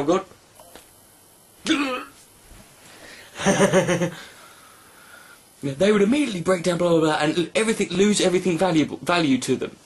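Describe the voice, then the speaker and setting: A young man, a video blogger, delivering a sarcastic, profane rant with animated outbursts. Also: sits high, slightly rough.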